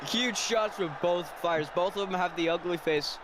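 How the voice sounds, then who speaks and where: A man's voice: high voice, moderate pace. Analytical male co-commentator, noisy stream. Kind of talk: live fight color commentary. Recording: noisy livestream audio.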